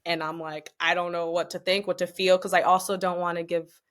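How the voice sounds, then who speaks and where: A young adult woman speaking as a podcast guest in a slightly low voice. She tells her story in a loose, chatty way, full of fillers and asides, and grows emotional as she talks. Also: a little fast. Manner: chatty and expressive, many fillers, emotional at times.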